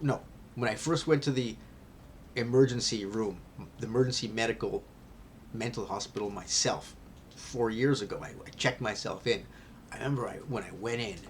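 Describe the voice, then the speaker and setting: A man telling a candid personal vlog story, rambling with many restarts and often dropping to a hushed near-whisper. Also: mid-range voice, slight background noise.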